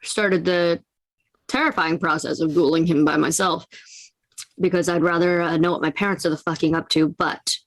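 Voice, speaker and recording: A woman playing her character in a live tabletop game, quick, wry and emphatic. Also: on the low side, fairly even intonation, dry recording. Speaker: player. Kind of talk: casual in-character play.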